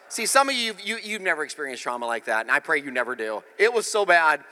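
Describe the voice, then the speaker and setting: A man preaching a sermon as pastor, telling a story with animated swings from hushed to loud. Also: high voice, quick pace, big-room sound.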